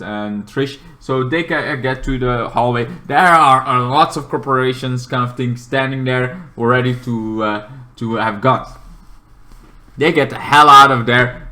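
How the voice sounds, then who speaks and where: A man's voice: medium pitch, pushed and bright. A man in his late twenties casually recapping a movie plot, rambling and padding his sentences with fillers like "kind of thing". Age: 20s. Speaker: movie reviewer.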